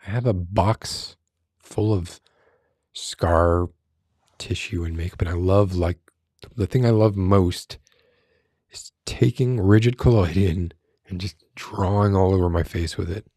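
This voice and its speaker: A man with a smoky, gravelly voice chatting loosely on a livestream, often breaking off mid-sentence and swearing casually. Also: low-pitched, steady tone, unhurried, mellow, dry recording, studio quality. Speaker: streamer. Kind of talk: casual rambling livestream chat.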